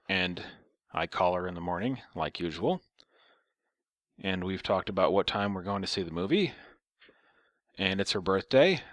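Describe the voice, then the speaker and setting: A young man with a lowish voice rambles through a story, sarcastic and swearing freely. The recording is dry and close, with no room sound. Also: a bit bright, no room sound. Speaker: storyteller vlogger. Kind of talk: casual storytelling.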